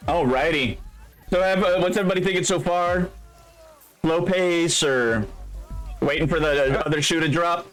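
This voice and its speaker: A man's voice: a little high, normal speed, long pauses, a bit bright, faint music behind, poor audio. A man running an online tabletop game as game master, wry and jokey, his voice cracking now and then.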